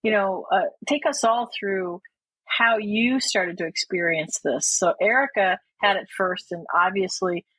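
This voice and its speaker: A woman hosting an interview, asking guests to take her through their experiences in halting questions. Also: mid-range voice, fairly bright tone, husky, no room sound, poor audio. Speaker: host.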